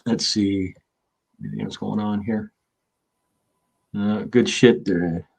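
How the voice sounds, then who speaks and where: A man's voice: fairly low pitch, steady tone, slow, gravelly, a little mellow, breathy edge. Man, fifties, casual show host, rambling, profane, lots of ums. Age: 50s. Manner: rambling, profane, with many fillers. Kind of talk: casual chat.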